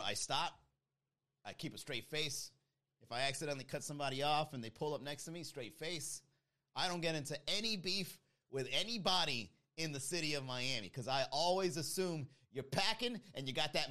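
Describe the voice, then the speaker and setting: A man hosts a loose, casual stream and reads viewer comments aloud between bursts of laughter. His voice sits at a middle pitch but swings up and down with lots of movement as he jokes and riffs. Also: bright, forceful tone. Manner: laughs often, loose joking banter. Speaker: host reading live chat. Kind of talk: casual chat.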